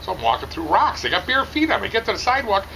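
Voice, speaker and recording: Middle-aged man, bright gravelly voice, lively rambling storyteller at an outdoor cookout. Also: high-pitched, fast talker, slight background noise, poor audio. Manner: animated, rambling, acts out the story. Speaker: storyteller at a barbecue contest. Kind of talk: casual anecdote telling. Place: outdoors at a barbecue competition.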